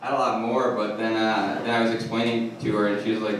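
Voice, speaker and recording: A young man with a Detroit accent telling a rambling, self-mocking story at a live storytelling night, with halting restarts. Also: on the low side, level tone. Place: comedy club stage. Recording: echoey room from far off, noisy.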